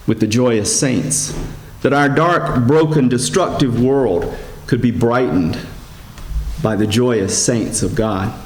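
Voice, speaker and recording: A man, a priest giving a sermon in a gentle storytelling manner, slowing down and rising in pitch for emphasis. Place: church. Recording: echoey church sanctuary.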